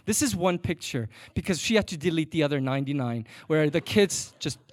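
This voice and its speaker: A man preaching a sermon as pastor, telling a personal story with animated swings between loud and soft and a teasing humor. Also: on the high side, brisk, no echo, clean studio sound.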